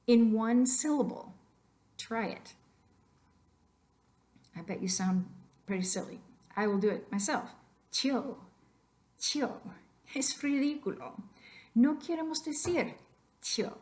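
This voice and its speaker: A woman teacher talks over a slideshow at a middle pitch, playful and emphatic, and dares the listener to try the sounds. She moves easily between English and Spanish and repeats key words slowly. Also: warm tone. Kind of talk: narrated slideshow lesson. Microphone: voice-over on a computer mic.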